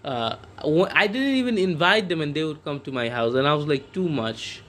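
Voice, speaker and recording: A man's voice: fairly high pitch, animated, normal speed, a bit bright. Ranting young man, profane and rambling. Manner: rambling, profane, frequent restarts. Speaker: vlogger. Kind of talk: casual storytelling rant.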